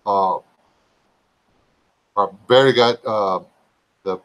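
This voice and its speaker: A man's voice: lowish voice, fairly bright tone, poor audio. Easygoing man chatting on stream. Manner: rambling, easygoing, folksy. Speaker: livestream regular. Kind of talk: casual livestream chat.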